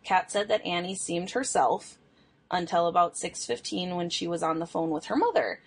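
A young woman co-hosting a podcast, casually telling a true crime case, chatty and quick to laugh. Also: fairly low pitch, husky. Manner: chatty storytelling, laughs often, swears. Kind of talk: casual chat.

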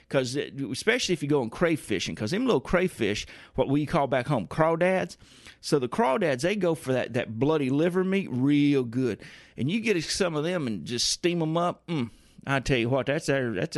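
A man's voice: fairly high pitch, no echo, studio quality. Folksy rambling man on radio. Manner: folksy, rambling, with grumbling asides. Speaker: radio show host. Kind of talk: comedic rambling monologue.

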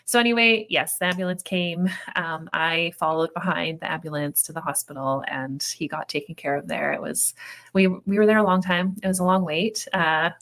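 A woman in her thirties, a guest on a podcast, telling a story with energy. Her voice sits a little low, and she drops into quick impressions of the people she is quoting. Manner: lively, acts out quoted voices while telling a story. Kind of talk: animated storytelling in casual chat.

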